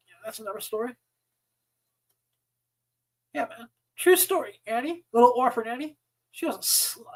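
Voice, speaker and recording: A male podcast host, in a profane, exasperated rant that rolls on and on. His voice sits unusually high for a man. He talks angrily and swears often. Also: low-quality recording. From United States. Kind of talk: profane ranting monologue.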